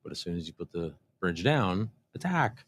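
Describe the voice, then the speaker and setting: A man with a very low voice talks through police and traffic questions on a livestream. His delivery is loose and conversational, full of ums, restarts and trailing thoughts. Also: moderate pace, breathy edge. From Canada. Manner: relaxed, explanatory, many fillers and restarts. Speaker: police constable and show host. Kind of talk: casual livestream Q&A. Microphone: desk microphone, briefly too far from it.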